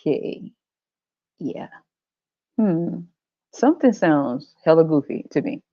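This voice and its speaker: A woman's voice: low voice, lively intonation, slow pace, long pauses, warm tone, no room sound, dull audio. A woman hosting a podcast who gives blunt, sarcastic commentary in casual slang. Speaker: podcast host.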